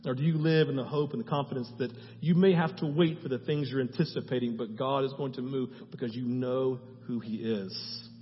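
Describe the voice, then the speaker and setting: Passionate pastor preaching in an echoing hall. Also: male voice, medium pitch, fairly even intonation, brisk, few pauses. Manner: passionate and conversational, poses repeated questions. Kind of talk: sermon. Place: church sanctuary. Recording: reverberant hall, slightly dull sound.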